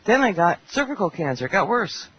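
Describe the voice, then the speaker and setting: On a roundtable talk show, a woman panelist chats bluntly and at length, quoting people in animated voices during the casual discussion. Her voice is lowish and a little fast, heard over dull internet radio with faint hiss.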